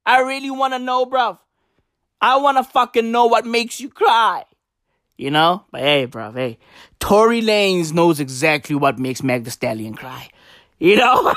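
A woman's voice: medium pitch, expressive, measured pace, fairly bright tone, no echo, clean studio sound. A woman hosting a podcast, ranting comically with constant swearing and rhetorical questions. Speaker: podcast host. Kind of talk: profane comedic rant.

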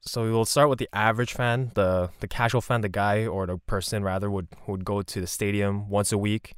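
A man's voice: fairly low pitch, steady tone, brisk, smooth, dry recording, studio quality. A man from Canada giving a rambling, conversational monologue with frequent asides and restarts. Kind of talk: casual monologue.

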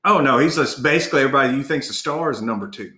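A man's voice: medium pitch, very fast, sharp tone, reverberant. Profane, heated man in casual sports chat.

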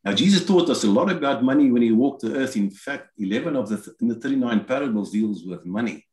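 A man's voice: medium pitch, lively intonation, fast, a little mellow. A man preaching a sermon, explaining scripture and voicing quoted lines as he goes. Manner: expository, quotes scripture in acted asides. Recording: roomy echo.

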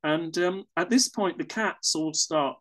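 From England, this man has a fairly high, fairly bright voice and a measured pace. His personal story comes out casual and meandering, with frequent mid-sentence self-corrections and chuckles.

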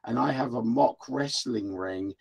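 Gravelly, raspy, excitable older man. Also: mid-range voice, measured pace. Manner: crude, excitable, loud. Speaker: podcast co-host. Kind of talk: casual podcast chat.

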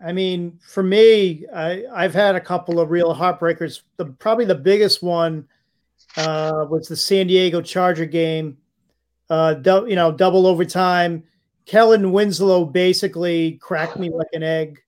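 A man in his fifties with a high voice reminisces on a sports podcast. His phrasing is vivid and colorful. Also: fairly even intonation, measured pace. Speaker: podcast co-host. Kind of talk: casual sports chat.

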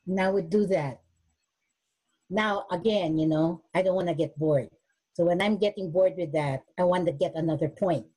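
A woman's voice: fairly low pitch, moderate pace, dark tone, breathy edge, poor audio. A woman who is a nurse, speaking earnestly at a webinar and showing self-care techniques, often restarting her sentences. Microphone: webinar recording.

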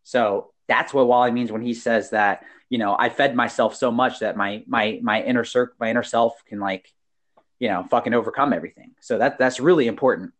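A young man hosts a podcast, talking casually and swearing freely. He is animated and breaks into laughter often. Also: mid-range voice, brisk. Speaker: podcast host.

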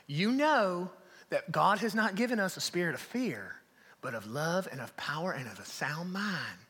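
A man voicing his stern older mother from Alabama, with a slow, low, admonishing Southern drawl, in a hall with long reverb. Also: expressive, pushed and bright, slightly rough, heavily acted.

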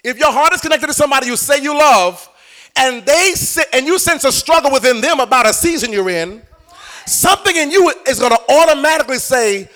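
High-pitched, animated preacher man. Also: brisk. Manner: animated, joking, coaxing the congregation. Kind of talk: live sermon.

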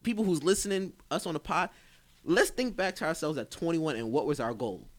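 Animated, fast-talking male podcast co-host. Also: fairly high pitch. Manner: animated, laughs loudly, slangy. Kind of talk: casual chat.

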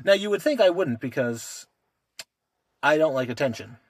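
A man's voice: a little high, animated, normal speed. A man co-hosting a casual podcast, telling rambling stories in a loose way and swearing freely. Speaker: podcast co-host. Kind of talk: casual chat.

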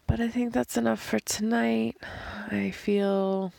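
A woman's voice, worn hoarse, full of deep vocal fry, drifts slowly through a reflective voice diary. She thinks aloud in halting fits and starts, with long pauses. The sound is close and dry, from a phone held just above her face as she lies outdoors at night. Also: steady tone, mellow, dry recording. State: hoarse from screaming and crying. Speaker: podcast host. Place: outdoors in the desert at night, lying under blankets.

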